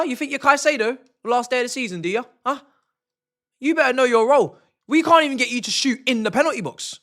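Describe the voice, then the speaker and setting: A young man, ranting and exasperated while streaming a football watch-along, swinging from shouts to grumbling mutters. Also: sits high.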